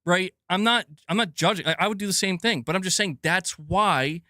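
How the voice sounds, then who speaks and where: A fairly high-voiced man rants about the gaming industry in a loose, profane, rambling way, stumbling over restarts and breaking into laughter. He mocks the people he talks about in put-on voices. The sound is dry and close, with no room echo. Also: brisk, pushed and bright. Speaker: gaming news host. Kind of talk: casual opinion rant.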